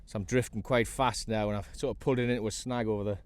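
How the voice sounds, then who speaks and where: A man from North East England with a fairly low voice talks fast as he fishes from a kayak at sea. This fishing vlogger keeps up a chatty, excitable running commentary and even talks to the fish he catches.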